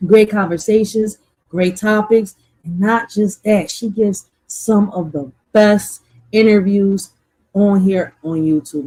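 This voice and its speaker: A woman hosting a casual livestream. She swears freely, laughs often and talks straight to her chat in an animated way. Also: medium pitch. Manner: animated, laughing, profane, addresses the chat directly. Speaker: livestream host.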